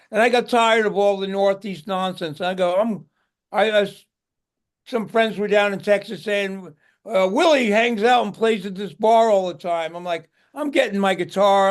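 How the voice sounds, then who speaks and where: A man's voice: sits high, smooth. An older man, a guest musician, tells stories in a casual interview, rambling and restarting his words.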